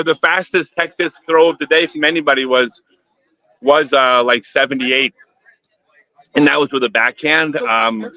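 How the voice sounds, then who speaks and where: An older man, out of breath and excited, chatting casually with viewers on a live stream from a tournament vendor area. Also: medium pitch, highs cut off. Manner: excited, chatty, reading viewer questions aloud. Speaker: disc golfer streaming live.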